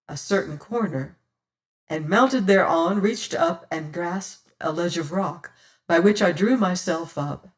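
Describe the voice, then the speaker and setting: A woman reading an old adventure novel aloud in measured storytelling narration. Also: fairly low pitch, recorded from a distance. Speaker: audiobook reader. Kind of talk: scripted narration.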